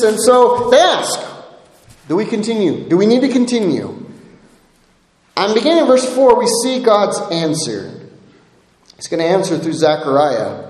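A man's voice: high-pitched, a little mellow. A man preaching a sermon, reading scripture aloud and pressing his listeners with rhetorical questions, often adding "right?". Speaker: pastor. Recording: echoey hall with long reverb.

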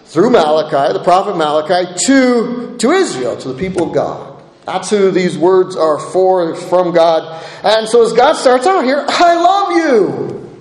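A man's voice: high voice, lively intonation, a little slow, a little mellow. A pastor giving a sermon, earnest and restating his points for emphasis. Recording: echoey hall with long reverb.

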